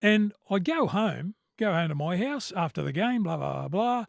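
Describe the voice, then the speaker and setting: A middle-aged Australian man telling stories in a blokey, animated way, heavy with fillers, on a casual podcast. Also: high-pitched, normal speed, creaky, no room sound, studio quality. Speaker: podcast guest. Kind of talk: casual storytelling chat.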